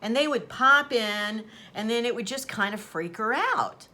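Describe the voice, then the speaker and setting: A woman's voice: fairly high pitch, expressive, measured pace, bright, forceful tone. A woman host chatting casually as she retells a story, acting out quoted dialogue along the way. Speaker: channel host.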